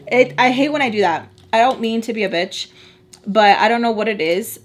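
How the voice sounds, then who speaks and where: A woman's voice: fairly high pitch, animated, brisk, background noise. A young woman telling a casual storytime as a vlogger, chatty and full of fillers, acting out the voices of the people she quotes.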